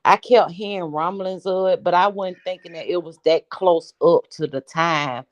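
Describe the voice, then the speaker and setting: A woman in a casual gossip chat, animated, with quick exclamations. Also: fairly low pitch, highs cut off.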